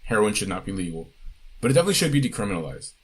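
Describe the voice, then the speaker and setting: Podcast co-host, young man, low and husky, loose and profane. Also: rapid-fire. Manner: relaxed, swears freely, animated. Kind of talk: casual chat.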